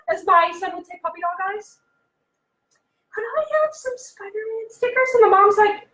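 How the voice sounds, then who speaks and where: A woman coaching parents in a casual, animated talk, often acting out what kids say and asking the listener questions. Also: very high-pitched, moderate pace, reverberant, rough recording. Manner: animated, acts out kids' voices, asks the listener questions. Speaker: behavioral consultant and life coach.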